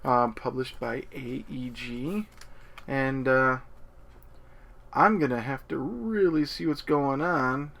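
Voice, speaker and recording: A man hosting an unboxing video, thinking aloud in a hesitant, casual way with many pauses and ums. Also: mid-range voice, creaky, fairly bright tone.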